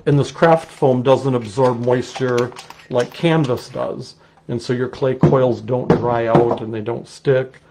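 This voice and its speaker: A middle-aged man with a Wisconsin accent, demonstrating a clay technique in a relaxed, chatty way as he works. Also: medium pitch, slight background noise. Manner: relaxed, chatty, explains while working. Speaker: clay artist teaching a technique. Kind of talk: casual live demonstration.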